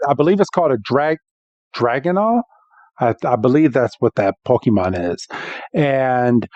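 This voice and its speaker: A man co-hosting a podcast, recapping a cartoon episode in casual chat and jumping into high voices for the characters. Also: a little mellow, dry recording, dull audio. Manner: retells scenes with quick high-pitched impressions of the characters.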